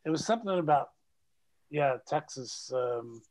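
A middle-aged actor chatting as a guest over a video call, telling animated stories and laughing often. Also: male voice, on the high side, measured pace. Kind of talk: casual video call interview.

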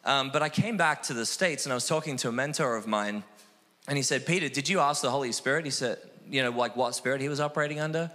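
A man from Australia, a missionary guest telling animated, self-deprecating stories in a casual interview. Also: mid-range voice, fast talker. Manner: animated, acts out quoted voices, self-deprecating. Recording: long hall reverb.

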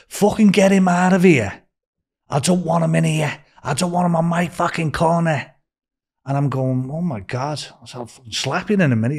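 An older man with a Liverpool accent, a podcast guest telling lively, swear-filled stories and acting out the voices. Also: mid-range voice. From Liverpool, England. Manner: animated, swears freely, acts out voices in stories. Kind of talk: storytelling interview.

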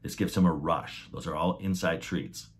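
Man, podcast host, deep voice, breathy edge, methodical explaining. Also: normal speed. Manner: methodical, restates key points.

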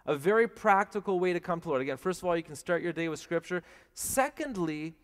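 A priest with a fairly high voice preaches earnestly and plainly, often turning to his listeners with questions. His words ring out with a long reverb, as if in a large hall. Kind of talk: televised sermon.

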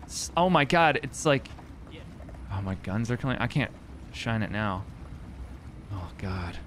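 A man voicing a jittery grown outlaw cowboy in a western role-play game, speaking in a low drawl and exclaiming often. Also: very animated, a little slow, fairly bright tone, slight background noise. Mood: panicky.

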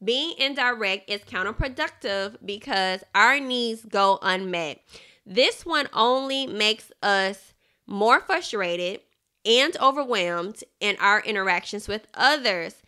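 Woman, podcast host, bright tone, smooth clear voice, casual chatty book talk. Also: mid-range voice, takes it slowly. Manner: chatty, animated, laughs often, addresses listeners as y'all.

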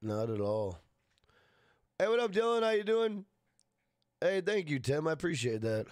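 A man's voice: high-pitched, big pitch swings, moderate pace, dry recording, studio quality. A man casually live-streaming a game, greeting chatters by name and swearing freely.

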